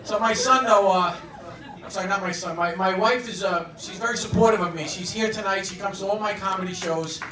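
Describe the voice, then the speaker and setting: Deadpan stand-up comic man, roomy club. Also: high voice, over a noisy crowd, very noisy. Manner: deadpan, halting delivery with fillers. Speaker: stand-up comedian. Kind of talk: stand-up comedy set. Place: comedy club stage with audience laughter. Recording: roomy club sound, audience recording from a distance.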